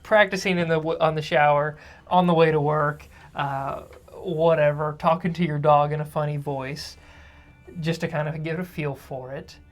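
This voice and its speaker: A man co-hosting a podcast in casual chat, who calls himself a fast talker. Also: fairly high pitch, steady tone. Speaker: podcast co-host.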